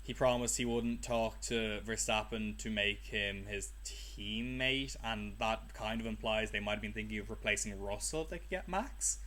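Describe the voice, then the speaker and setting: A man's voice: fairly low pitch, moderate pace, hardly any pauses, a bit bright. Rambling young man podcaster. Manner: rambling, thinking aloud with ums. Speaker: podcast co-host. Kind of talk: casual chat.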